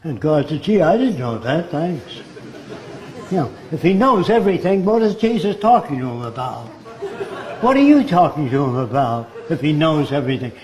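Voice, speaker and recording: A man's voice: a little high, big pitch swings, a little fast, a faint crowd. A man giving a blunt, sardonic talk full of rhetorical questions. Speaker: speaker. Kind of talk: lecture-style monologue. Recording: roomy echo.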